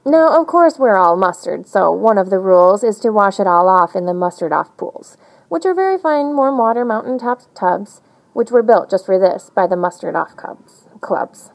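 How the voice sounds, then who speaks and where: A woman reading a rhyming picture book aloud in an animated, sing-song storytelling manner. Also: mid-range voice, normal speed, creaky, poor audio. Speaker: storybook reader.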